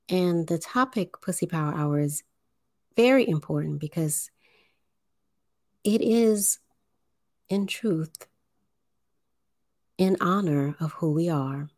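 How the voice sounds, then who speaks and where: A woman hosting a spiritual livestream, speaking deliberately, enunciating carefully and guiding listeners through breathing. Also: on the low side, expressive, darkish tone, no room sound, clean studio sound. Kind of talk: slow spiritual livestream talk.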